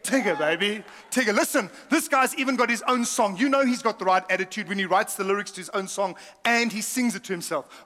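Speaking fairly quickly with hardly any pauses, a middle-aged pastor preaches a humorous sermon in a big-room space. His voice sits high, and his storytelling is lively, with laughs and asides.

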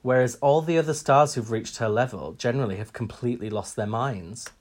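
A man's voice: medium pitch, brisk. A man co-hosting a podcast, chatting casually and opinionated, with frequent ums. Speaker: podcast co-host. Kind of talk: casual chat.

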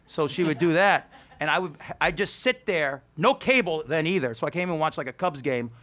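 A man's voice: on the high side, animated, fairly quick, fairly bright tone. A man hosting a live comedy talk show, telling loose, profane, rambling stories about growing up. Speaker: host and birthday guest.

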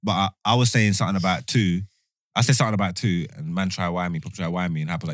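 Low-voiced, fast-talking young man. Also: fairly even intonation, no room sound, clean studio sound. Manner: slangy, laughing, rambling. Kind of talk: casual banter.

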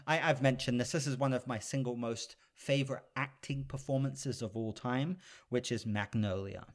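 A man's voice: mid-range voice, steady tone, moderate pace. A man co-hosting a casual podcast chat, talking with enthusiasm and acting out lines from film scenes. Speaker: podcast co-host.

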